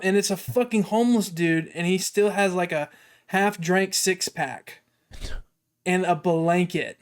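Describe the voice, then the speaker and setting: A man's voice: high voice, unhurried, clean tone. A young man, a podcast co-host, telling a crude, swear-filled story in casual chat.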